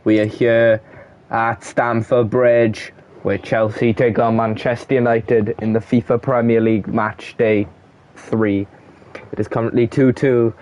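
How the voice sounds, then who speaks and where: Speaking a little slowly in a mid-range voice with little pitch movement, a young man gives relaxed play-by-play of a football video game. Player names come in short bursts, and he yells when goals or chances happen.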